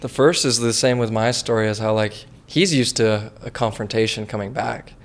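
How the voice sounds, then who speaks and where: A man co-hosting a casual podcast, relaxed and reflective, using casual slang. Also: lowish voice, moderate pace. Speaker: podcast co-host.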